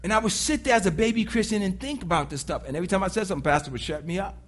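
A man preaching a sermon in an animated, dramatic way, with sudden shouts and voices acted out. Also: high voice, rapid-fire.

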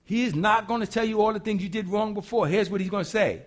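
A man's voice: high voice, fast. A man preaching a sermon, colloquial and humorous, acting out quotes and asides as he teaches. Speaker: pastor.

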